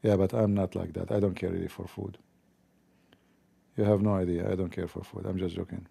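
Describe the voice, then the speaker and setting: A man's voice: sits low, level tone, brisk, creaky, dark tone, breathy edge. A man hosting a live stream, chatting casually, joking and laughing often, with loose non-native grammar.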